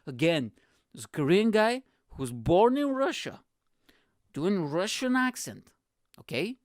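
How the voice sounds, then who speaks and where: A man's voice: high-pitched, big pitch swings, slow pace, pauses often, no room sound, studio quality. Brash, profane male podcast host. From Eastern Europe. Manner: brash, profane, calls listeners bro. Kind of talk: comedic podcast monologue.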